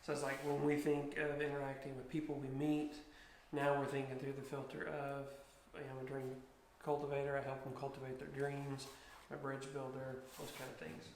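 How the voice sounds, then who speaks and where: Gravelly, flat-voiced man hosting. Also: mid-range voice, brisk. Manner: easygoing, encouraging, many fillers. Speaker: host, father leading a family values talk. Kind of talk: casual family chat. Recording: echoey room with faint noise.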